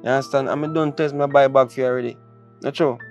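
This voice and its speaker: A man's voice: medium pitch, fairly even intonation, fast, soft background music, natural voice. An actor playing a Jamaican man who coaxes his girlfriend in patois and repeats himself. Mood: coaxing. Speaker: boyfriend. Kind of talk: indie film acting.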